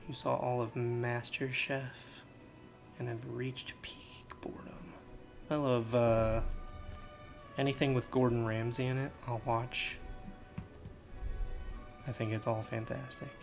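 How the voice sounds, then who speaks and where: A man's voice: mid-range voice, little pitch movement, slow, pauses often, faint music behind. A man casually commenting while streaming a game, chatty and joking with his chat.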